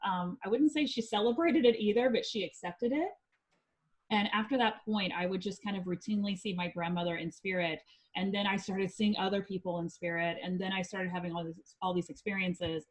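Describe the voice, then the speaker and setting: A woman from Indiana, a psychic medium guest on a podcast, telling a personal story in a chatty, lively way with frequent ums. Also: medium pitch, brisk, low-quality recording.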